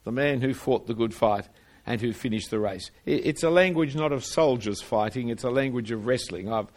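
A man's voice: medium pitch, normal speed, a little mellow. Earnest male preacher explaining scripture. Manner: earnest expository preaching, reading scripture aloud; repeats words and restarts phrases. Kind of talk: sermon.

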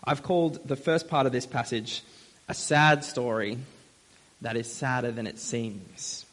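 A man's voice: mid-range voice, unhurried, fairly bright tone. A young man preaching a sermon in a friendly, conversational way, with frequent fillers.

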